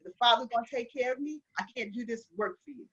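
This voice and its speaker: Woman, guest, lively storyteller, laughing, muffled lo-fi audio. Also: on the high side, fast. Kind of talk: casual faith conversation. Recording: dull lo-fi audio.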